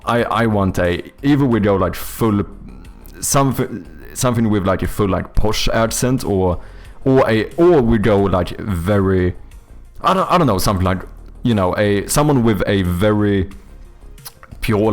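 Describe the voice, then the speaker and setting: A man's voice: fairly low pitch, unhurried, faint music behind. A young man, chatting casually with viewers while making a game on stream, rambling and joking with casual swearing.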